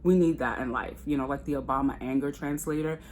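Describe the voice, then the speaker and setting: American woman doing a grwm, deep-ish voice, chatty and candid, swears a bit. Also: fairly quick, a little mellow, slight background noise. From United States. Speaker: beauty vlogger. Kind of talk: casual get-ready-with-me chat.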